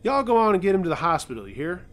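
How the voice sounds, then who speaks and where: Man voicing a folksy old Southern woman, drawling, higher and louder, lively pitch. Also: racing. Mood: folksy concern. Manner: folksy, calls people hun and baby. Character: friendly old woman living by a campground gate.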